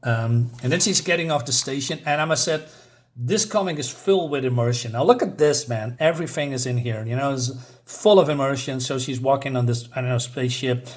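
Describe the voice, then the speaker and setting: A man's voice: medium pitch, fairly quick. Man casually rambling through a comic review. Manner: rambling, heavy "you know" fillers. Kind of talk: casual review, reading panels aloud.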